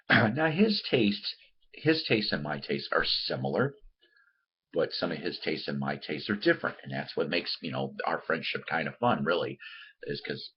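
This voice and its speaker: Very deep, husky-voiced man chatting casually. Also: animated, moderate pace, lo-fi sound. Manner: rambling, repeats words and restarts, addresses viewers as guys. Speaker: host of a record-collecting show. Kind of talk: casual chatty monologue to viewers. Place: room at home.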